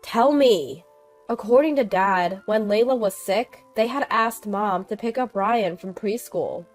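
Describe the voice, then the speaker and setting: A woman reading a first-person family drama as scripted narration, in an even, steady manner. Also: medium pitch, unhurried, faint music behind.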